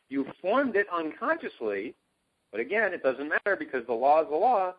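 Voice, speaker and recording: A man's voice: animated, unhurried, breathy edge. A man coaching, explaining his ideas enthusiastically and emphatically over a call. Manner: enthusiastic, emphatic, jumps pitch on key words. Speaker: guest, self-help coach. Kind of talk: animated conversational explaining. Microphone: call line. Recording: dull lo-fi phone-call audio.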